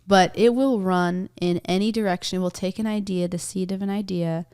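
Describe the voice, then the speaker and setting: Expressive woman in casual chat. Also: mid-range voice, a little fast, smooth. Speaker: podcast co-host.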